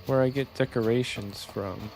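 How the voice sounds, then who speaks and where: A man's voice: mid-range voice, fairly even intonation, moderate pace, creaky, darkish tone, slight background noise. A man casually commenting while playing a game for the first time, thinking aloud and reading the on-screen text. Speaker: gamer playing a cozy game. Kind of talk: casual let's-play commentary.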